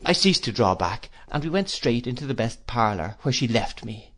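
A man's voice: mid-range voice, big pitch swings, moderate pace, fairly bright tone. Man narrating a classic novel. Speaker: audiobook narrator.

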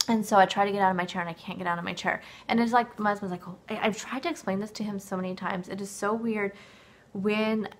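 A woman's voice: mid-range voice, steady tone, fast talker, slight background noise. A woman in her forties with a dry throat, talking casually at her home desk in a rambling, filler-heavy way with many restarts. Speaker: weight-loss vlogger. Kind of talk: casual chat to camera.

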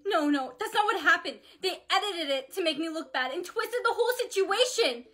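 A woman's voice: very high voice, expressive, moderate pace, fairly bright tone. A woman playing an image-obsessed teen schoolgirl who talks in a sugary, dramatic way. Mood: flustered. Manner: sugary, dramatic, flustered when caught. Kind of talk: comedy skit acting.

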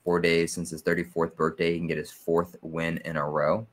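A man hosting his own sports picks channel, explaining his figures step by step in a steady, methodical way with frequent fillers. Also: deep voice, moderate pace. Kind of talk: casual explanatory video walkthrough.

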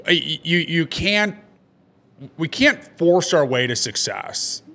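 A man with a bright, forceful voice in a relaxed podcast conversation. He talks frankly, swears often, and tells stories with energy. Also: a little high, slow pace, creaky. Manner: candid, swears freely, animated storytelling. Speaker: podcast co-host, start-up founder. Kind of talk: casual podcast chat.

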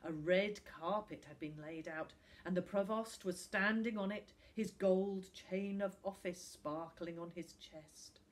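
A woman teacher reading a children's novel aloud, expressive and voicing each character with big jumps in pitch. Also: measured pace. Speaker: primary school teacher.

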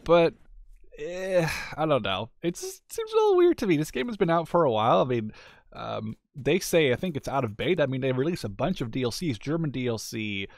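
A man's voice: medium pitch, animated, fairly quick, no room sound, clean studio sound. A man giving casual, rambling gameplay commentary, mildly ranting and full of fillers as he plays.

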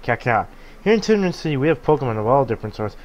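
Guy doing a smug trendy duck critter from a game, rattles off jokes quick and teasing. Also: mid-range voice, big pitch swings, highs cut off, a little hiss or hum, close to an everyday voice. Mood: boastful. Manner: fast, smug teasing with cackling laugh. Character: cocky trendy male duck creature, prankster. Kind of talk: fan voice reading of game dialogue.

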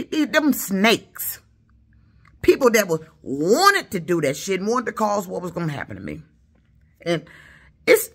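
A woman's voice: medium pitch, a bit bright, husky. A woman from Detroit with a Southern-tinged accent, ranting indignantly at commenters from the couch in her apartment, stammering and repeating herself. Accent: Detroit with a Southern lilt. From Detroit, USA. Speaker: YouTuber. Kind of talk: angry rant at commenters.

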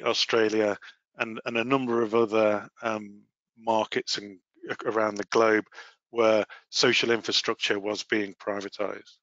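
Guy hosting a work webinar, bright forceful voice, kinda muffled dry call audio. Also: lowish voice, no echo. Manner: measured, formal presenting with occasional fillers. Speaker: webinar host and asset management lead. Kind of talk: prepared webinar presentation.

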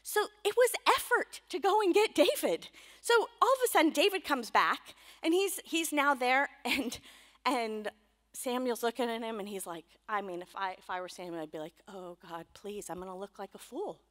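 A woman pastor preaches with playful, animated storytelling and quick asides. Her voice is high, bright and lively, swinging widely in pitch. A long reverb fills the church around her. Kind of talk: sermon. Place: church sanctuary.

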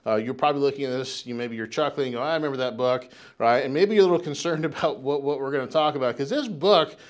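A man's voice: mid-range voice, fast. A middle-aged American man preaching a sermon as pastor, talking in a loose, conversational way with lots of restarts and "right?" tags. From United States.

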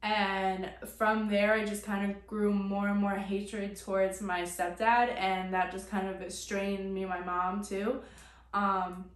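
A woman's voice: medium pitch, level tone, slow. Chatty young woman in echoey room. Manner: chatty, many "like" fillers. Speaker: vlogger. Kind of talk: casual storytime.

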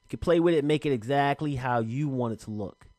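A man presenting a software tutorial in a relaxed, chatty way, talking through each step with casual slang. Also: mid-range voice, a little fast, no echo, clean studio sound. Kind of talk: casual screen-recorded tutorial.

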